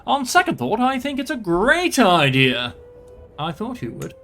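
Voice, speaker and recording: A man's voice: sits high, wildly swooping pitch, unhurried, pushed and bright. Theatrical man narrating a strategy game. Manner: slips into mock-archaic, theatrical speech as his ruler. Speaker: let's play host. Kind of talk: gameplay commentary with role-play.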